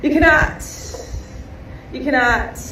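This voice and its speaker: A woman's voice: high-pitched, takes it slowly, pushed and bright, heavy reverb, recorded from a distance, a little hiss or hum, exaggerated voice, rough recording. A woman voicing a snooty, pampered woman who speaks with haughty put-on airs.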